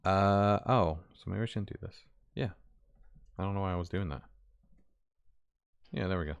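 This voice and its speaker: A man developing a game on a live stream, talking to himself and swearing casually, his voice a bit hoarse. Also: sits low, moderate pace.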